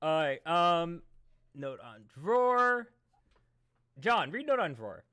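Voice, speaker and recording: A man chatting casually and reading a webcomic aloud, often bursting into loud theatrical readings. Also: on the high side, big pitch swings, slow, long pauses, clean tone. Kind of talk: casual chat and comic read-along.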